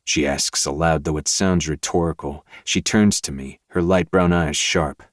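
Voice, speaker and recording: A man, the podcast host, narrating a dark novel in first person with steady, measured delivery. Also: extremely low pitch, no echo, studio quality.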